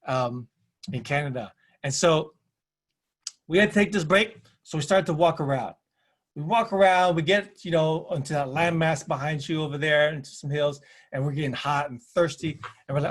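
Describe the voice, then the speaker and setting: A male panel presenter gives a talk built on rhythmic, repeated emphatic phrases, telling stories with acted-out quotes. His voice is a little high and moves at normal speed.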